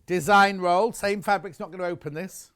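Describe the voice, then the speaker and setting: A man's voice: sits high, steady tone, normal speed, fairly bright tone. A man presenting on a live shopping channel, chatty and enthusiastic, rambling into personal asides between prices.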